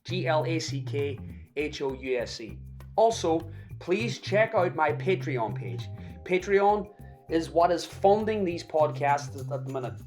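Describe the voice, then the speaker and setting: A man's voice: on the high side, sing-song, a little slow, darkish tone, faint music behind. A man hosting a podcast, giving a chatty, upbeat intro and plugging his projects straight to listeners. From Ireland. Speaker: podcast host. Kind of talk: solo podcast intro and promo read.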